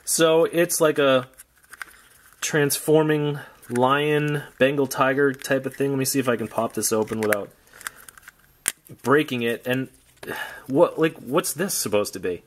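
A man talks loosely through an unboxing of old toys, his pitch sitting in an ordinary middle range. His commentary wanders, full of wry little jokes and offhand asides. The tone stays relaxed and unscripted throughout. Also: a little slow, pauses often, a little hiss or hum. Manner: rambling, wry, jokey asides. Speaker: toy collector vlogger.

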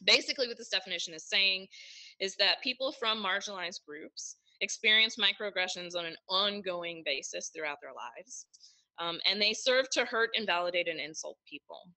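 A woman lecturer giving a recorded presentation, explaining terms in a measured, list-like way. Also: mid-range voice, sharp tone, poor audio. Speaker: university lecturer.

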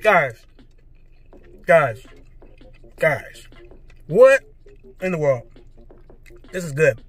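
A man eating and reviewing fast food in a parked car, talking excitedly and calling his viewers "guys" and "man". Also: a little high, breathy edge. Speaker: food vlogger. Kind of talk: casual food review vlog. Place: parked car, traffic passing outside. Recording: faint road noise from inside a car. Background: cars passing by.

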